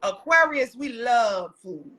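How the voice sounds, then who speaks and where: A woman, telling personal stories as a podcast guest in loud, profane, laughing casual chat. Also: on the high side, lively intonation, slow pace.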